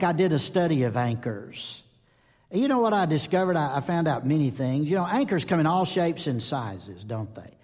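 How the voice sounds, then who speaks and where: A man in his fifties preaches in a fairly high voice, emphatic and questioning, swinging from loud declarations to hushed asides. His words ring with a long hall reverb. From North Georgia, US. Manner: emphatic, asks the audience questions, swings between loud and soft. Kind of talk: sermon.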